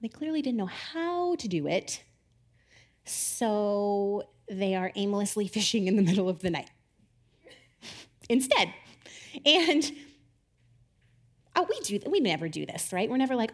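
A woman's voice: a little high, very animated, measured pace, pauses often. A young woman giving a casual sermon, chatty and self-deprecating, laughing often and acting out the people she quotes. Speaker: preacher.

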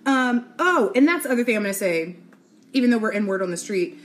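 A young woman with a fairly high voice chats alone on her podcast. She is animated and gossipy, and laughs often. She drops slang like y'all, sis and child as she goes. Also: fast, a little hiss or hum. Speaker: podcast host. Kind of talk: casual solo podcast chat.

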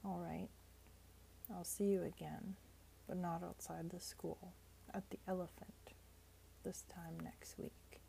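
A woman reading aloud, voicing a spirited young woman who speaks reluctantly and briskly. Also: lowish voice, little pitch movement, vocal fry, dark tone, a little hiss or hum, exaggerated voice, poor audio. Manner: reluctant, quick.

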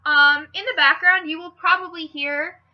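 A woman's voice: very high voice, steady tone, moderate pace, muffled recording, slight background noise. A young woman with a Minnesotan accent, hosting a casual podcast in a rambling, self-deprecating way that drifts off on side tracks. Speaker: podcast host.

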